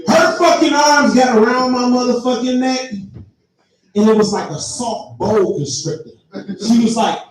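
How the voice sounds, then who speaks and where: At a live comedy venue, a man with an extremely high voice tells a profane stand-up story straight to the crowd, taking his time. The room is echoey, he sounds far away, and there's background noise.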